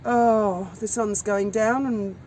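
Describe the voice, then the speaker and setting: A woman's voice: medium pitch, fairly even intonation, slow, a little mellow, poor audio. Woman, co-host, chatty storyteller, casual outdoor chat, faint noise behind. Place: outdoors at sunset.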